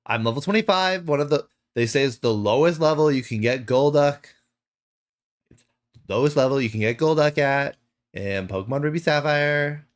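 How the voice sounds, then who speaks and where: A man's voice: medium pitch, moderate pace. A man streaming a game live, chatting casually with a playful, self-mocking manner.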